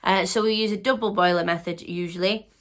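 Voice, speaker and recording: A woman's voice: mid-range voice, fairly even intonation, fairly quick. A woman hosting her own channel, chatting upbeat to camera with frequent restarts as a small business owner. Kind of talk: casual chat to camera.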